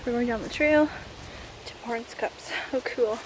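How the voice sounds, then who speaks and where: Canadian woman, high voice, unhurried and winded, chatting to a handheld camera outdoors. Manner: rambling, many fillers. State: out of breath. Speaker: vlogger. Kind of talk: casual vlog chat while hiking. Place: woods outdoors. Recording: faint outdoor background noise.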